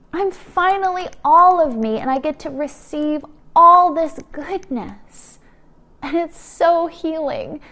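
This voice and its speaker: A woman with a high, bright-toned voice delivers a channeled energy forecast. She talks in a gushing, emphatic way, slipping into excited inner-thought asides with sudden gasps. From Canada. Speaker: spiritual energy reader.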